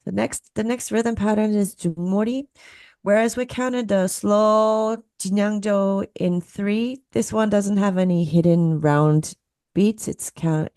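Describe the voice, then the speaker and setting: A woman's voice: medium pitch, gravelly, warm tone, no room sound, clean studio sound. A woman who teaches musicology, giving a lecture over a video call. She explains patiently, counts beats aloud and laughs at her own slips. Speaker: musicology professor presenting.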